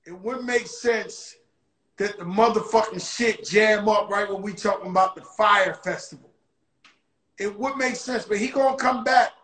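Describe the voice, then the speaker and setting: A man hosting a casual livestream interview from his phone, loud and excitable and swearing freely. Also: high voice, moderate pace, echoey room. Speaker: host.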